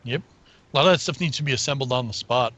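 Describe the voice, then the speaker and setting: A man on a podcast, chiming in casually with quick remarks. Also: mid-range voice, a bit bright, slight background noise. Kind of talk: casual chat.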